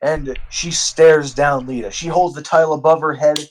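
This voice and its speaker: A man giving casual gameplay commentary with excitable, profane trash talk. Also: on the high side, normal speed.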